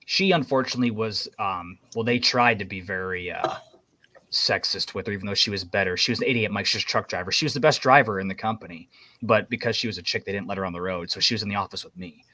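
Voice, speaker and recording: A man's voice: on the low side, quick pace, dry recording. Rambling man telling army stories, dry sound. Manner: rambling, animated storyteller. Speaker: military veteran guest. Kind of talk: casual podcast chat.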